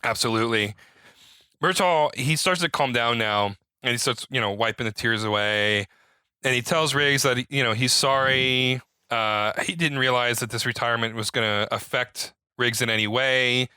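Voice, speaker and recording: Chatting casually about a movie, a male podcast co-host walks through it scene by scene and performs the characters' quotes, his pitch climbing as he acts them out. The recording is studio quality with no room sound, and his resonant, clear voice moves at a moderate pace.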